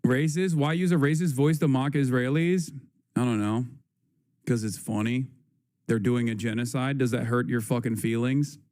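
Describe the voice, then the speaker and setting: A man's voice: medium pitch, moderate pace, darkish tone. A man hosting a livestream, talking in an emphatic, profane way and repeating his points. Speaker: livestream host. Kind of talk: casual livestream commentary.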